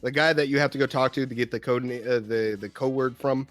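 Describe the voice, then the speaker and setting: A man's voice: mid-range voice, steady tone, fast talker, faint music behind. A man co-hosting a podcast, recapping game scenes in a casual, profane way with many fillers. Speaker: podcast co-host. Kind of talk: casual gaming chat.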